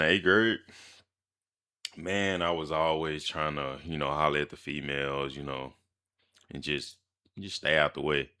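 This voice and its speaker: A young man from Mississippi, telling a personal story in casual, slangy, animated vlog style. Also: very deep voice.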